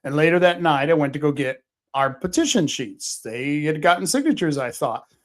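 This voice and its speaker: Blunt man telling animated anecdotes. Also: a little high, moderate pace. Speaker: host, independent journalist. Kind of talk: casual storytelling chat.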